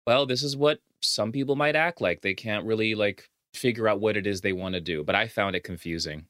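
A man co-hosting a podcast, chatting casually with expressive reactions and mild slang. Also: lowish voice, fairly quick, no room sound, clean studio sound. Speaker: podcast co-host. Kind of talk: casual chat.

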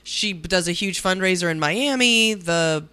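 A young woman co-hosting a podcast in casual chat, playful and quick with goofy bits. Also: lowish voice, pushed and bright. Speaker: podcast co-host.

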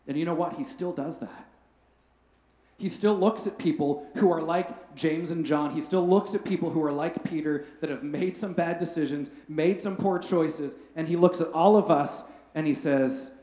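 A male pastor with a fairly high voice delivers a family sermon in a roomy, echoing space. He tells self-deprecating stories in a casual, joking way, often checking in with the congregation. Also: normal speed, a little mellow. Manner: casual, humorous storytelling with frequent "right?".

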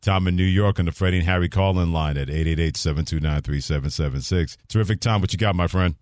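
A man hosting a sports talk radio show, chatty and quick to laugh. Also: low-pitched, a little mellow, no echo, studio quality. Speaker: radio host.

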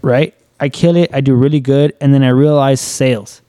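Mellow-voiced young man telling stories. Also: mid-range voice, fairly even intonation, normal speed, clear, resonant tone, dry recording. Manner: profane, loose storytelling with many fillers. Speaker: podcast guest. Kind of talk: casual storytelling.

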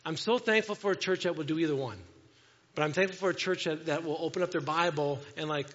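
Pastor guy preaching, chatty and joking about himself, slightly high voice, dull muffled sound. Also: fast, a bit bright, long reverb tail. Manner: conversational, self-deprecating preaching with scripture reading. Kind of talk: sermon. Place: church sanctuary.

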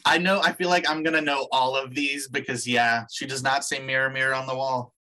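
A man co-hosting a casual podcast, calmly explaining the background to his co-hosts. His voice is bright and forceful, at a middle pitch. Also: brisk. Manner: explanatory, matter-of-fact. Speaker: podcast co-host. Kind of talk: casual chat.

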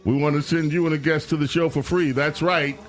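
A man's voice: on the high side, steady tone, brisk, soft background music. A man hosting a call-in radio talk show, with playful, upbeat announcer patter, on a studio microphone.

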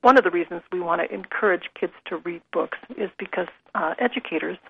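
A woman guest speaking gently and earnestly in an interview, with frequent pauses on "uh.". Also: lowish voice, vocal fry, narrow, tinny audio, slight background noise. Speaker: guest, curriculum company president. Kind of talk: conversational interview with read-aloud passages.

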